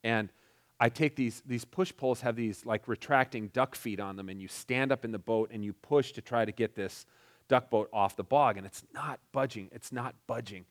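Middle-aged guy telling a story, halting, lots of restarts and likes, mid pitch. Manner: halting, many restarts and "like" fillers. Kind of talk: casual personal storytelling.

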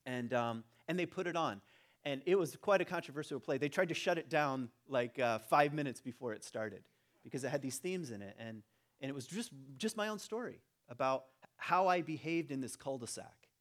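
A man's voice: medium pitch, lively intonation, moderate pace. A middle-aged man from the United States, a church teacher telling a candid, self-deprecating personal story to a congregation, with many restarts and fillers.

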